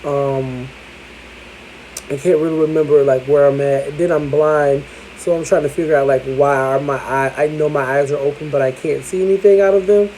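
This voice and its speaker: Candid chatty vlogger with a mellow tone. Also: mid-range voice, fairly even intonation, normal speed, a little hiss or hum, low-quality recording. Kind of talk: casual storytelling vlog.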